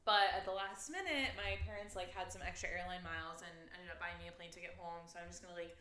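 Casting: bright-toned woman, giggly podcast co-host, recorded in an echoey room. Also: lowish voice, steady tone, fast, slight background noise. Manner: giggly, laughs often. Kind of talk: casual chat.

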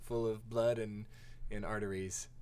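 A man's voice: fairly low pitch, flat delivery, a little slow, darkish tone, clear, resonant tone. A man hosting a podcast in a studio, chatting casually and joking around with his friend. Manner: playful, laughs often, jokey. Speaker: podcast host. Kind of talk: casual chat.

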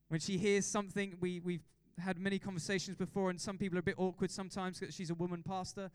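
Male pastor, high clear voice, dry close sound; fired-up preacher who keeps quizzing the room. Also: fast, dry recording. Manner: excitable, exhorting congregation with repeated questions. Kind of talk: sermon.

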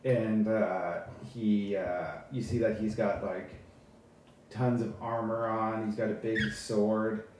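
Halting dad game master in an echoey room. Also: male voice, lowish voice, flat delivery, a little mellow, distant mic, slight background noise. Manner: unhurried, halting narration. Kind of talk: running a tabletop game for his kids.

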